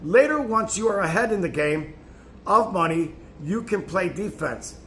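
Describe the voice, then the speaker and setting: A man with a high voice reads a self-help booklet aloud and pushes hard on key points. He trips and restarts now and then, and a faint hiss sits under the voice. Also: animated, a little slow, a bit bright. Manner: emphatic, with occasional stumbles and restarts. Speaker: narrator.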